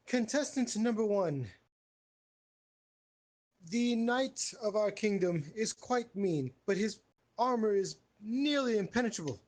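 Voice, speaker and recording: A man's voice: sits high, a little mellow, exaggerated voice. A man putting on a stately medieval bachelorette. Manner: slow, stately, old-fashioned courtly speech. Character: formal medieval bachelorette, courtly and grand. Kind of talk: improv comedy game.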